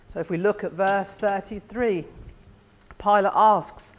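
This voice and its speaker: A preacher delivering a sermon in a measured, reflective way, often putting questions to the listeners. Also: mid-range voice, fairly even intonation.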